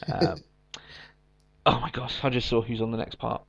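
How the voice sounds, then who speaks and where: Man, podcast co-host, casual chat, lots of ums, middle pitch, dull lo-fi sound. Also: fairly even intonation, a little slow, creaky. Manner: chatty, recaps with many ums and restarts.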